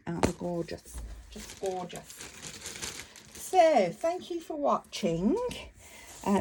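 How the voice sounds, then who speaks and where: Chatty woman with a dark, mellow voice. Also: medium pitch, creaky, slight background noise. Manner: chatty, enthusiastic, rambling with fillers. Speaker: craft vlogger. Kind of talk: casual show-and-tell chat.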